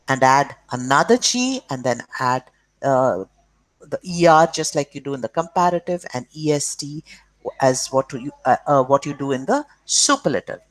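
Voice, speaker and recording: A woman teaching children a grammar lesson, who spells words out letter by letter, stretches them slowly and checks along with "okay". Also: low-pitched, dry recording.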